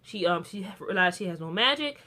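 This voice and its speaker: A woman's voice: on the low side, a little fast. A young woman recapping a TV episode in a casual, rambling way, full of restarts and fillers. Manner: gets excited and animated about the characters. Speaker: TV show reviewer.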